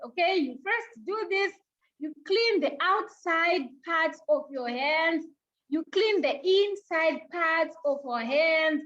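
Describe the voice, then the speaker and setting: A woman teacher giving an online class over a video call, slowly repeating each point for young pupils. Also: high-pitched, fairly bright tone, highs cut off.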